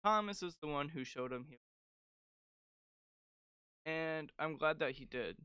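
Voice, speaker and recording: A man's voice: on the high side, unhurried, smooth, no echo, studio quality. A young man co-hosting a podcast, telling childhood stories in casual chat, full of filler words. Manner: animated storytelling with frequent "like" fillers. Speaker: podcast co-host.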